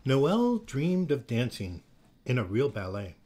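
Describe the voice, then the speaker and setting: A man reads a children's storybook aloud at an unhurried, gentle pace. His pitch rises and falls a great deal as he tells the tale. The reading is expressive and easy to follow. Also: slight background noise. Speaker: storybook reader.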